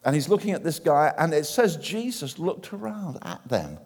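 A man preaching a sermon in church, animated and acting out the voices of people he quotes. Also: a little high, moderate pace. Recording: long hall reverb.

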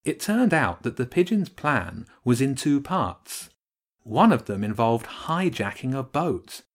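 A man narrating a children's storybook with expressive storytelling. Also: mid-range voice, a little slow. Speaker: audiobook narrator. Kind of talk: scripted narration.

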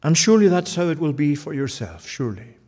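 A man's voice: a little high, sing-song, fast, darkish tone. Earnest preacher man in a reverberant hall. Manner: earnest, urgent, pleading appeals. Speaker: pastor. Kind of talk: sermon.

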